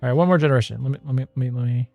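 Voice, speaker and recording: A male streamer who reads an AI-generated story aloud on stream, chuckling and rambling in quick bursts. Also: mid-range voice, vocal fry, mellow, no echo, soft background music.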